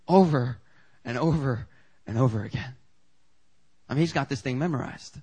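A man's voice: on the high side, moderate pace, bright, forceful tone, husky. A man preaching a sermon in a casual, conversational way, acting out the quoted lines with big jumps in voice. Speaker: pastor.

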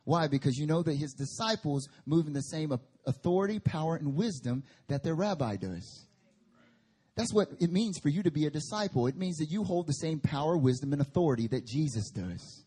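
A man preaching a sermon at a church service, telling Bible stories in an animated way with slang and humor. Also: on the high side, brisk, husky. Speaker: guest preacher.

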